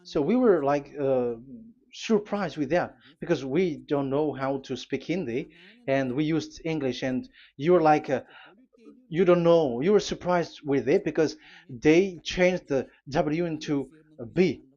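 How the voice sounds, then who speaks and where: A man preaching a sermon, teaching at a board, pausing often with fillers and restarts and spelling out letters. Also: on the high side, darkish tone, muffled recording.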